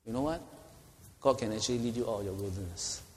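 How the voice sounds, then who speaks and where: Middle-aged pastor in reverberant hall. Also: male voice, lowish voice, fast, slight background noise. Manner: conversational, frequent "okay?" check-ins. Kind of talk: bible study teaching.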